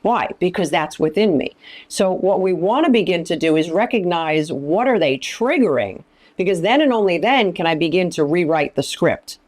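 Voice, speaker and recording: Lowish and darkish in tone, this middle-aged woman's voice has lively intonation and a moderate pace. As a ministry founder teaching in an interview, she speaks emphatically, repeats phrases for emphasis, and acts out the lines she quotes.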